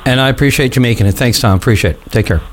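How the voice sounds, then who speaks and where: Measured male radio talk host. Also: medium pitch, background noise. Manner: measured, careful, with fillers. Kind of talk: radio call-in hosting. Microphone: studio microphone.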